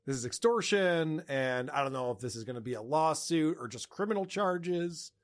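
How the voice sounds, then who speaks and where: A man hosting a podcast in a slightly high, swooping voice. He mocks the clips he plays and breaks into laughter often, in a loose, casual commentary style. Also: animated, moderate pace. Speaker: podcast host.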